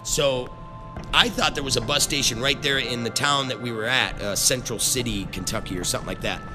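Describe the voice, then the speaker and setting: Over music, a middle-aged former carnival worker tells a story at a brisk clip in a mid-range voice. He's blunt and profane, swearing constantly, and his casual tale rambles with frequent restarts.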